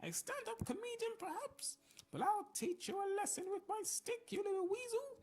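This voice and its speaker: A woman's voice: sits high, wildly swooping pitch, takes it slowly, pitched above the performer's own voice, full character voice. A woman voicing a fiery, bitter old wife. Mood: snarling. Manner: snarling, complaining.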